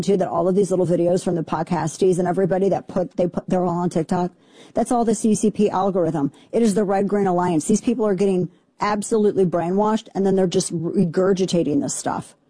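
A woman hosting a talk radio show, ranting sarcastically about the news with quick asides. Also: mid-range voice, dark tone, husky, no echo. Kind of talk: opinionated political talk radio.

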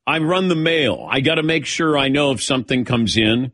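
Husky-voiced man hosting sports talk. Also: mid-range voice, normal speed, a bit bright. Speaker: sports talk show host. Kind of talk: casual radio show banter.

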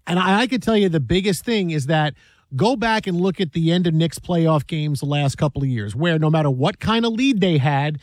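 A high-voiced man with a playful, teasing way of talking, chatting about sports. The sound is close and dry, with no room echo. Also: lively intonation, normal speed. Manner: jokey, teasing. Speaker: sports radio co-host. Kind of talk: casual sports talk.

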